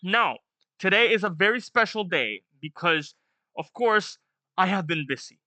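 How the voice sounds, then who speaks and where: A man hosting a casual manga read-along, reading lines aloud and chatting through quick asides. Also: sits high, expressive, bright, forceful tone, no room sound. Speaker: manga reaction host.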